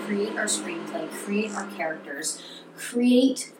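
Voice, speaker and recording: A woman co-hosting a casual chat, telling stories in a lively way and acting out what people said. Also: medium pitch, takes it slowly. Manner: animated storyteller, acts out quotes. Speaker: podcast co-host. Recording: roomy, from a distance, faint noise.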